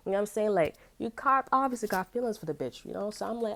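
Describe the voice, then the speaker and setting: A woman's voice: medium pitch, lively intonation, fast, hardly any pauses, fairly bright tone, a little hiss or hum. A woman giving a casual tarot reading, telling personal stories in loose slang and laughing often. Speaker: tarot reader.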